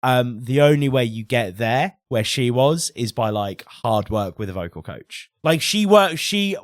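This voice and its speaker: A man co-hosts a podcast in loose conversation, arguing his points with confidence and dropping the odd swear word. His voice sits at an ordinary middle pitch for a man. The recording is dry and close, with no room sound. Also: animated, measured pace, no echo. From Britain. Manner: emphatic, opinionated, swears casually. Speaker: podcast co-host. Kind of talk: casual chat.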